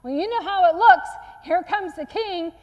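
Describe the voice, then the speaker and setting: Woman preacher, high voice, earnest storyteller, church sermon with long reverb. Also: normal speed, dull audio. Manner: earnest storytelling, acts out quotes softly. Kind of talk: sermon retelling a Bible story. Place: church sanctuary.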